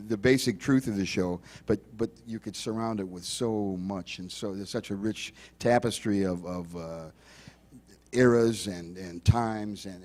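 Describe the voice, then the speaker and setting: Low-voiced man, halting and repetitive. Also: a little mellow. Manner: halting, repeats words while searching for them. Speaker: actor on a convention panel. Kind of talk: convention panel discussion.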